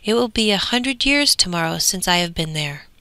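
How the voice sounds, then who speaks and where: A woman voicing the east wind as a calm, hushed male spirit. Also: lowish voice, normal speed, smooth, no echo.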